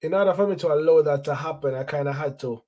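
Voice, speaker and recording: A male host of a football fan channel talks fast in a slightly high, a little mellow voice. His casual solo talk show is laid-back and conversational, repeating phrases and sprinkling in slang.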